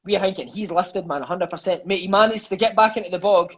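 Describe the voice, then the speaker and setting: Scottish man, thirties, high voice, chatty and sweary raconteur, dull lo-fi recording. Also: fairly quick, breathy edge. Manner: animated, swearing, peppers lines with "mate". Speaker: interview guest, former footballer. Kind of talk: casual storytelling chat. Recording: dull lo-fi sound.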